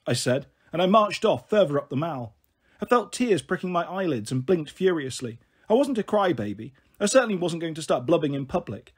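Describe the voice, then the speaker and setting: A man narrates a children's novel aloud in the first person, with an expressive delivery. His voice sits high and swings widely, with a husky edge. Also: fairly quick. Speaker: storyteller. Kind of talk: audiobook reading of a children's novel.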